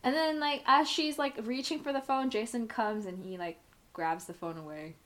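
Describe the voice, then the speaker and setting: A woman's voice: on the high side, steady tone, normal speed, a bit bright. Chatty young-sounding woman recapping a show. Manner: chatty, lots of "like", laughs often. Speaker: podcast co-host recapping a drama. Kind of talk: casual chat.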